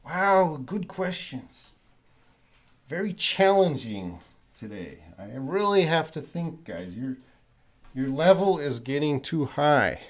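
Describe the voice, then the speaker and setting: A man from Canada, an English teacher answering viewers' questions on a live stream, explaining patiently and repeating words slowly for learners. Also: on the high side, very animated.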